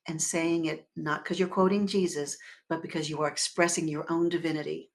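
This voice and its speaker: A woman minister giving a sermon in a conversational, expressive way, swelling and dropping her volume and leading the congregation in repeating words together. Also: sits low, normal speed, creaky. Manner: expressive with sudden swells and drops in loudness.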